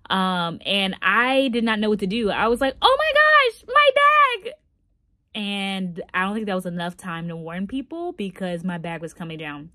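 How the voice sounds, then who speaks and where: A young woman telling a funny travel story to her phone camera, animated and full of fillers. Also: medium pitch, no room sound, clean studio sound. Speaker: vlogger.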